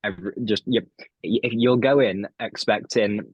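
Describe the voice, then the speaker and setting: A teenage band member talks in a laid-back, slangy way. His voice is low and husky, and the recording sounds dull and close, with no room echo. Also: expressive, fairly quick. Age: teens.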